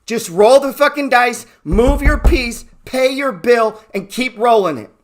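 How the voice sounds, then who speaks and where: Guy with a high-ish voice ranting about trading, cursing a lot, loud then suddenly quiet. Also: expressive, measured pace. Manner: profane, emphatic, rhetorical questions; swings between loud bursts and low murmurs. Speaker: trading educator. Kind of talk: motivational talk.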